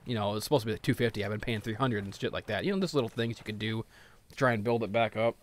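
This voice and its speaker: A man's voice: on the low side, very fast. A man ranting in grumbly, profane, casual gameplay commentary.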